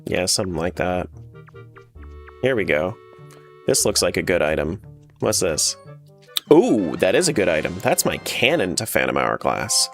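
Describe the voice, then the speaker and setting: A man on a live stream, chatting loosely and cracking jokes at his viewers while he plays. His voice sits low and rough with fry, yet it jumps all over in pitch. Soft game music hums behind him. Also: moderate pace, pauses often. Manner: joking, animated, talks back to chat. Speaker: streamer playing a randomizer. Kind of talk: casual live-stream chat.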